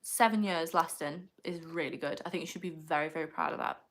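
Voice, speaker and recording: Her voice is low-pitched and a bit bright. A young livestream host from the United Kingdom chats loosely and rambles, quick to laugh while reading her viewers' comments out loud.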